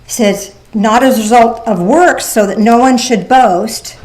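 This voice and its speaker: A woman's voice: a little high, measured pace, hardly any pauses, a little mellow. Woman preaching a chatty sermon. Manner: conversational, with playful asides and rhetorical questions. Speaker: pastor. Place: church service.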